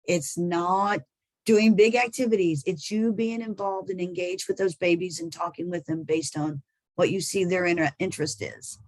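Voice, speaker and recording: Middle-aged woman trainer, plain explanatory delivery with soft baby-talk examples, dry close sound. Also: lowish voice, normal speed, dry recording, low-quality recording. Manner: demonstrates soft, sing-song talk to babies. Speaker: early learning trainer. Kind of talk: training presentation.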